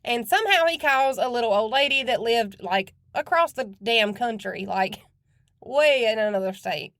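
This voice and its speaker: A woman's voice: fairly high pitch, animated, normal speed, a bit bright, no echo, clean studio sound. A woman hosting a true crime podcast, talking in a blunt, chatty and casual way with some cursing. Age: adult with children.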